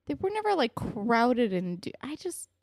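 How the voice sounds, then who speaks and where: A young woman casually discussing a TV show with a friend, animated and indignant, with plenty of "um" and "like". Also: moderate pace, dry recording, clean studio sound. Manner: animated, indignant, swoops up in pitch, many fillers. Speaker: podcast co-host. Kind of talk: casual chat.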